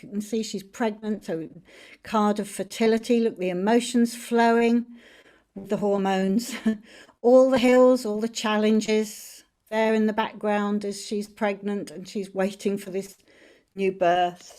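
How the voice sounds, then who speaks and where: Brief: woman tarot teacher, casual and warm in manner, talking through cards. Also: fairly high pitch. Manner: friendly, chatty, explaining cards as she shows them. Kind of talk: informal teaching on camera.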